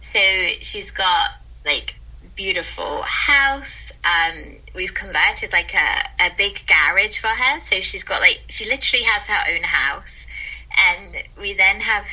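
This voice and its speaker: A woman guest, a calm mentor, telling stories in a casual interview, earnest and quick to laugh. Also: mid-range voice, husky, poor audio.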